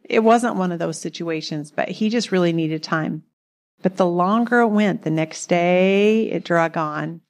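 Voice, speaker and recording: A middle-aged woman co-hosting a show tells a personal story about her marriage, her voice on the low side, unhurried and darkish in tone. It's casual, chatty storytelling, and she laughs often.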